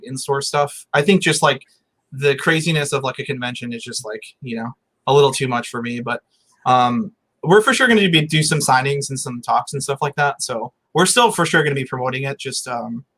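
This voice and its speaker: Speaking briskly in an animated, mid-range voice with a slightly bright tone, this thirtysomething author is a guest in a casual chat. He talks loosely and easily, leaning heavily on "like" and filler words.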